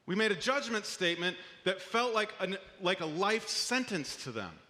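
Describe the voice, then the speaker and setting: A male pastor delivers a sermon in an earnest, conversational way, sometimes restarting a phrase. His voice sits high and rings bright. The sound carries the long reverb of a church hall. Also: expressive, moderate pace, hardly any pauses.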